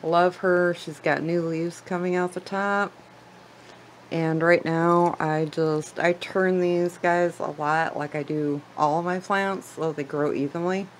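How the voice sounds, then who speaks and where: A woman's voice: on the low side, fairly even intonation, takes it slowly, slight background noise, low-quality recording. A woman giving a casual tour of her houseplants in her living room, chatty and gushing, often trailing off mid-sentence. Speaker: plant vlogger.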